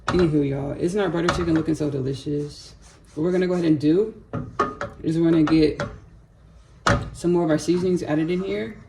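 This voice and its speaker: A woman's voice: low-pitched, fairly quick, vocal fry, pauses often, background noise. A woman who hosts a home cooking vlog. She talks casually and rambles, drifting into spiritual asides as she cooks in her kitchen. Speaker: home cook vlogger.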